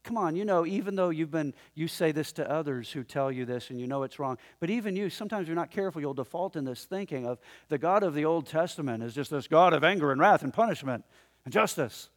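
A man preaching a sermon in a conversational, animated way, often chuckling as he talks to the congregation in the room. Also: a little high, fast. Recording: long hall reverb.

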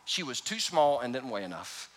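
A man preaching a sermon as pastor, animated and emphatic, with humorous storytelling. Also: medium pitch, moderate pace, husky.

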